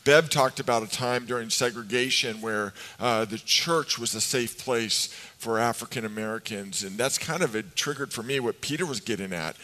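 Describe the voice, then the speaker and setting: A man's voice: medium pitch, bright, forceful tone. A middle-aged male pastor preaching a sermon to his congregation, telling stories with humor and asking the people questions. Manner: conversational storytelling with humor, asks the congregation questions. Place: church sanctuary with congregation. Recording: long hall reverb.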